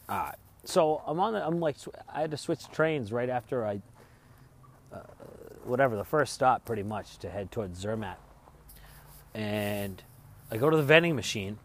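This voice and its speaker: A man's voice: lowish voice, a little hiss or hum. Rambling, cursing man telling a story. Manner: rambling, profane, laughs while retelling. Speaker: travel vlogger. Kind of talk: casual storytelling monologue.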